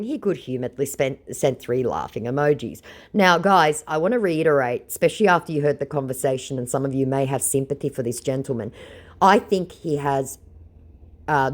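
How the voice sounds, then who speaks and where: A woman's voice: rumbling low, darkish tone. A woman reading out a chat exchange with a scammer and commenting on it, in a sarcastic, mocking manner. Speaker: scam baiter.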